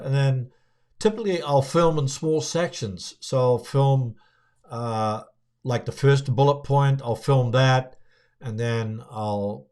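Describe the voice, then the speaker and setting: A young man coaching viewers on speaking to camera, talking in a relaxed, conversational way with frequent fillers and restarts. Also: medium pitch. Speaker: video coach. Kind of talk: casual on-camera tutorial.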